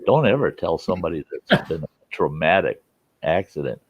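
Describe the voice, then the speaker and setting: A man hosting a show and telling old stories in a casual way, who often chuckles and pitches his voice up to act out what other people said. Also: sing-song, a little fast, breathy edge, dry recording. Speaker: storytelling host. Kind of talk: casual storytelling. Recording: dull lo-fi sound.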